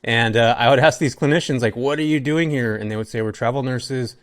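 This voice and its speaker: A man in his forties from California, a podcast guest telling his story in a relaxed, chatty way with plenty of ums. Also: medium pitch, fairly quick, no room sound. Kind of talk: casual podcast chat.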